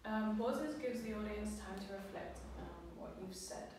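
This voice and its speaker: A woman's voice: mid-range voice, lively intonation, a little slow. A young woman giving a student class presentation, reading her points with frequent fillers. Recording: echoey room, far off, with background noise.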